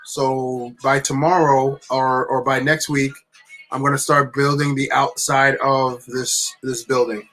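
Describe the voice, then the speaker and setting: A man from New Jersey telling a story in a chatty, animated vlog style. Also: medium pitch, unhurried, rough recording. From New Jersey, USA. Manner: chatty, animated, frequent fillers. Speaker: vlogger and LEGO builder.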